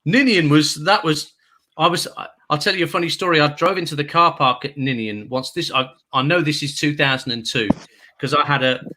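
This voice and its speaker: A man's voice: on the high side, brisk, pushed and bright. A man from England, a radio presenter, telling chatty anecdotes and jokes as a guest on a casual show. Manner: chatty anecdotes with jokes, puts on voices in quotes. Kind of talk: casual chat, storytelling.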